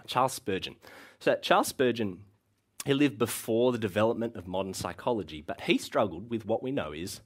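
A man's voice: on the low side, slightly rough. A man in his thirties preaching a sermon as a pastor, talking in a conversational way with frequent ums and uhs. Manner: lively, conversational delivery with frequent uh and um.

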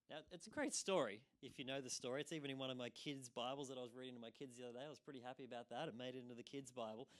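A church pastor delivers a sermon in an easygoing, conversational way. He is a man with a mid-range voice who drops in small fillers. He brings the quoted speech in his story to life. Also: mid-range voice. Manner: storytelling with frequent "uh" fillers and lively quoted asides.

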